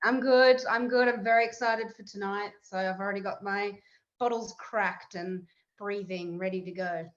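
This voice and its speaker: A woman's voice: medium pitch, steady tone, normal speed. A woman co-hosting a virtual wine tasting, chatting in an upbeat way. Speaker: co-host of the tasting. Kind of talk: casual chat. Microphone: video call. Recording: roomy lo-fi video call audio.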